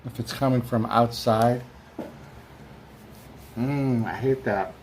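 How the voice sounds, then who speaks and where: A man with a mid-range voice and a steady tone talks slowly on a laid-back live stream from his home room, where a fan hums. He rambles, chats, and reads out viewer comments, with a bit of background noise.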